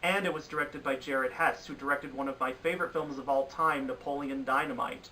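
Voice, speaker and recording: A man's voice: medium pitch, steady tone, fairly quick, bright, forceful tone, far from the mic, a little hiss or hum, rough recording. A man giving an opinionated countdown of bad films, sounding exasperated and ranting in his critique. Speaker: film reviewer. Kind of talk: opinionated film review countdown.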